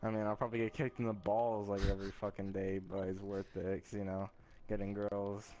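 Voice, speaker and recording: A young man with a somewhat low voice chats in a laid-back, crude way. He chimes in on a friend's story with loose, casual remarks. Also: flat delivery, brisk, mellow, lo-fi sound. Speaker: friend chiming in. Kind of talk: casual chat.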